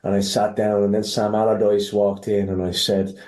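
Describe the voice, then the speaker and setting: A man with an Irish accent, a podcast guest telling stories in casual chat, animated, swearing freely and often restarting his sentences. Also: on the low side, normal speed, echoey room. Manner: animated, profane, many restarts. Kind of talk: casual interview storytelling.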